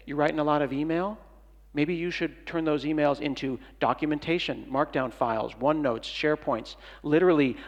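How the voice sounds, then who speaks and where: A man's voice: fairly high pitch, lo-fi sound. Playful man speaking on a conference stage. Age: middle-aged. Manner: playful, jokey, acts out little dialogues. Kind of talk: comedic keynote talk. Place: large conference hall. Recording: long hall reverb.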